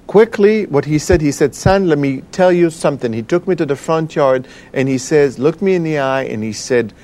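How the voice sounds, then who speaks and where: Man telling a halting testimony. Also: fairly high pitch, darkish tone. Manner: halting, emotional storytelling with many fillers. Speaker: guest. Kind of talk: personal testimony.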